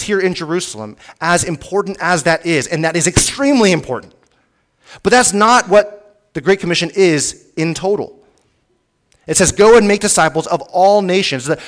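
A man, a pastor, preaching a teaching sermon, repeating his points and pressing them with rising emphasis. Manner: emphatic, rises in pitch and volume on key points.

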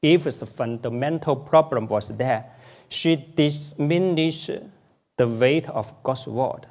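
A man's voice: medium pitch, takes it slowly, a little mellow. A man preaching a sermon, repeating key phrases to drive them home.

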